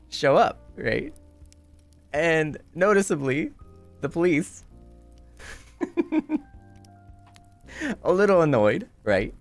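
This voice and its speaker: A man streamer telling a story in casual chat and acting out the quotes with animated delivery. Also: mid-range voice, gravelly.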